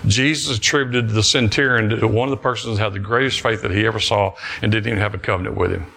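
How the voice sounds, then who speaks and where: A man's voice: fairly low pitch, steady tone, fast talker, vocal fry, sharp tone. A middle-aged man preaching a fervent sermon, repeating phrases and restarting as he declares healing. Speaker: pastor.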